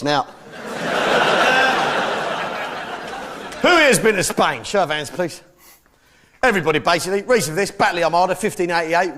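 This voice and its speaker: A man's voice: a little high, bright, forceful tone. An English man doing live stand-up comedy in a brash, blustering way, full of tag questions. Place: theatre stage before a live audience. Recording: live show with crowd laughter and noise.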